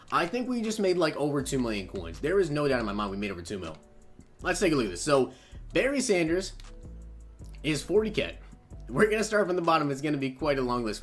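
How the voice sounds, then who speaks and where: Young male gaming host, lively swings in pitch, a touch high, excitable commentary, faint music underneath. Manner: animated, shouts with excitement at big pulls. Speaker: gaming YouTuber opening packs.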